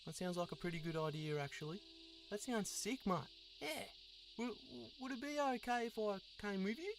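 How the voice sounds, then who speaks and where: A man voicing a crude, friendly male sasquatch in a cartoon, with a sweary, excitable manner. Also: sits high, a little fast, slight background noise. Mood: keen. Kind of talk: cartoon voice acting.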